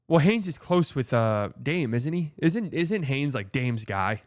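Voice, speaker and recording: Man, sports talk host, sarcastic, blunt, swears, mid-pitched voice, dry close sound. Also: sing-song, measured pace, dry recording. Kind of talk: casual sports commentary.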